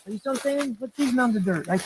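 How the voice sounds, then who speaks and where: A man's voice: extremely high pitch, expressive, fast talker, noisy background. A man, casually rambling as he walks and guides someone through rural woods outdoors. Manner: rambling, streetwise, full of fillers. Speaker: local guide. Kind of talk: casual chat while walking.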